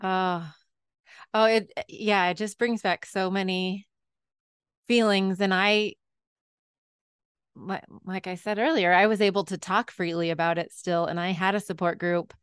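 Smooth-voiced woman podcast host. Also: medium pitch, steady tone, measured pace, long pauses, no room sound, studio quality. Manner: empathetic, searching questions. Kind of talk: podcast interview.

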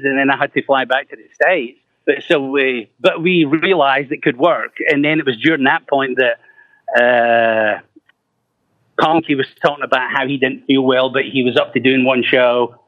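A man's voice: mid-range voice, no room sound. A middle-aged man, a rock singer, telling stories in casual talk, swearing freely and acting out the voices of people he quotes. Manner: profane, laughing, acts out quoted voices. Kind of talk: casual storytelling. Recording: muffled, lo-fi, dry.

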